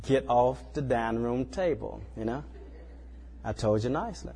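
A man with a husky, slightly breathy voice delivers a sermon in a folksy, conversational way, often tossing in "you know" and "you see." His voice carries a long hall reverb, as if heard through a church sanctuary. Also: medium pitch, lively intonation, moderate pace, warm tone. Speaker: preacher. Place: small church.

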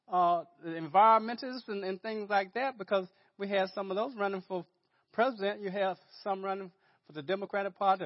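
High-voiced man preaching on dull audio. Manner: conversational preaching, frequent repeated words and restarts. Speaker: pastor. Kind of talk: sermon.

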